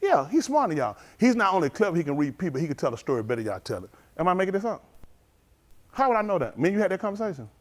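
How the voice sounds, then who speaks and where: Animated high-voiced male preacher. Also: very fast. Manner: animated storytelling, acts out voices, laughs. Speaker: pastor. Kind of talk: informal sermon with street stories.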